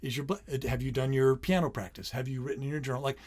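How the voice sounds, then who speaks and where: A middle-aged man co-hosting a casual parenting podcast, talking animatedly and acting out his kids' lines in quick quoted bits. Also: medium pitch, fairly even intonation, darkish tone. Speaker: podcast co-host.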